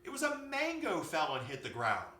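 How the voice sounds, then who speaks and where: A wise old storybook lion, king of the jungle, talks calmly and reasonably, as a man acts him out. His voice is bright and lively in its pitch. It sounds roomy and a little distant. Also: normal speed, exaggerated voice. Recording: echoey room, far from mic.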